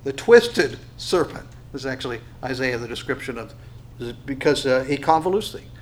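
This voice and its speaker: A man preaching an expository sermon in a conversational way, with fillers, restarts and questions to his listeners, slowing down to read scripture aloud. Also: medium pitch, expressive, low-quality recording. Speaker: pastor.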